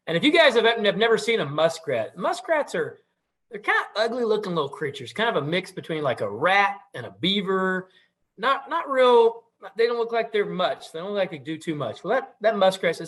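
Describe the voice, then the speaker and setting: A middle-aged man telling a traditional story in a relaxed, conversational way, with asides and fillers. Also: high-pitched, fairly quick. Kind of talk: casual oral storytelling.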